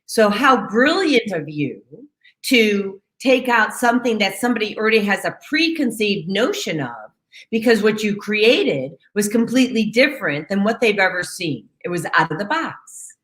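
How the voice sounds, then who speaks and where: Woman host with a lively, expressive voice. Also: medium pitch, normal speed. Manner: affirming listener, frequent agreement. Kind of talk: casual interview chat.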